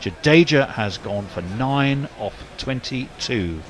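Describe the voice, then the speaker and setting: A man's voice: medium pitch, animated, takes it slowly, a little hiss or hum. A man doing ball-by-ball cricket commentary in a wry, chatty, wordy way.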